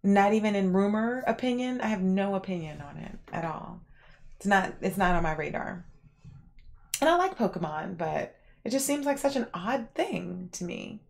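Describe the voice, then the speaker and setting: A woman hosting a livestream, casually chatting and answering viewers, rambling with lots of fillers and animated reactions. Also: mid-range voice, moderate pace, vocal fry. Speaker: livestream host.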